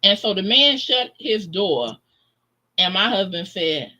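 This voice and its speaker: A woman chatting as a guest on a live stream, telling stories in a lively way and laughing often. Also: medium pitch, slow, rough recording. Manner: animated, laughs often, acts out voices in her stories. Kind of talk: casual storytelling.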